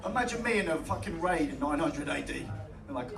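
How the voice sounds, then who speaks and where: A young Englishman performs stand-up in a small comedy club, swearing freely and bantering with the crowd. His voice is a little high, expressive, creaky, and slightly fast, picked up from far away in an echoey room over a loud, laughing audience.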